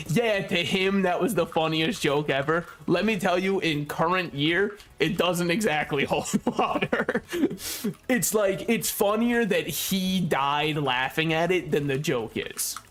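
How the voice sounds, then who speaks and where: A man's voice: fairly high pitch, fairly bright tone. A young man casually commentating a game he is playing, rambling and joking with frequent laughs. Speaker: gaming YouTuber.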